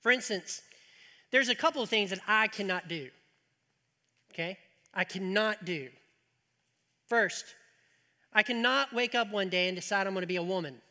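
A man's voice: sits high, moderate pace, long pauses, pushed and bright. A man preaching a sermon as pastor, in a folksy way, with joking asides to the congregation in church. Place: church sanctuary. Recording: church hall reverb.

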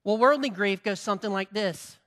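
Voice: mid-range voice, a little fast, fairly bright tone. A pastor preaching a sermon to a congregation, asking rhetorical questions and building to emphatic, repeated lines. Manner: preaching with rising emphatic passages and repetition.

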